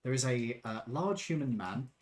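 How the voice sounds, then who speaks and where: A man's voice: medium pitch, expressive, normal speed, a crowd in the background. Man narrating as game master. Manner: casual, hesitant narration with fillers.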